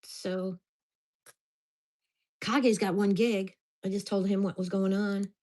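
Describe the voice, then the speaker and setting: A woman vlogging from home rants angrily about her neighbors, swearing and sounding indignant. Her voice is medium-pitched and dark, with a steady tone and a slow delivery.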